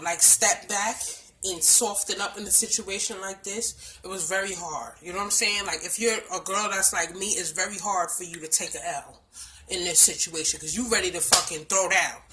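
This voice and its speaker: A woman with a Bronx New York accent telling a personal story in a casual vlog, blunt and emphatic, with lots of swearing, swinging from hushed to loud. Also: fairly low pitch, moderate pace, a little hiss or hum. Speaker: storytime vlogger.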